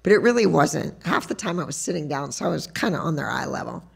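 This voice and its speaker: Gravelly low-voiced woman telling stories. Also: fast talker. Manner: chatty, animated storyteller. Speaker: podcast host and dance teacher. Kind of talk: storytelling on stage at a live podcast event. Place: sports bar, live show.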